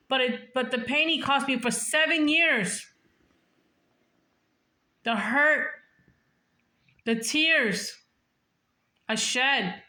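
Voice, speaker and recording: A woman speaks in a high voice with a bright, forceful edge, telling her own story for a casual vlog. She is blunt and profane and hammers her points home, often repeating and restarting words. Her delivery stays emphatic throughout.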